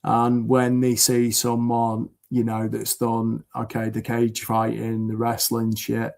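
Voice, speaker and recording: Earnest british man with a gravelly voice. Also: mid-range voice, completely flat delivery, takes it slowly, a little mellow. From United Kingdom. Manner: earnest, rambling with many fillers. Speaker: podcast guest. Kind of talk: casual chat.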